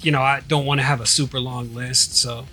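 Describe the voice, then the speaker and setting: Middle-aged man, bright tense tone, laid-back and dismissive, casual podcast chat, faint music. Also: mid-range voice, level tone, fairly quick. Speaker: podcast co-host.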